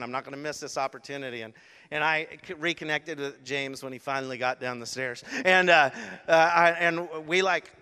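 A middle-aged man gives an emotional sermon testimony, acting out his own gasps and words. His voice sits a little high and sounds bright and forceful. Long reverb from a large hall trails after him. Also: smooth. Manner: emotional, storytelling, with acted-out gasps and quotes.

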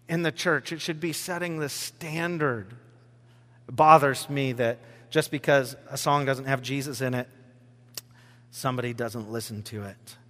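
Pastor, male, higher bright voice, conversational sermon with jokes, long hall reverb. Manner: conversational, joking with the congregation. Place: church hall.

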